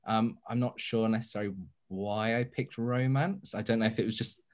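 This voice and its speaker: A man's voice: medium pitch, fairly even intonation, fairly quick. A young man, a romance author, talking in a modest, easygoing way with lots of ums on a panel. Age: young adult. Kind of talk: casual panel chat on a video call.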